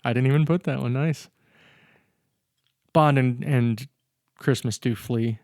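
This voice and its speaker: Relaxed man recapping a film, dry sound. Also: medium pitch, measured pace, no room sound. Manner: relaxed, narrates plot step by step with fillers. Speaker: podcast co-host. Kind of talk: casual chat recapping a film.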